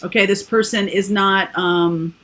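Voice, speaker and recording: A woman's voice: mid-range voice, fairly even intonation, unhurried, fairly bright tone. A woman giving a casual, rambling tarot reading full of fillers and asides. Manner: chatty, rambling, with frequent fillers. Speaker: tarot reader.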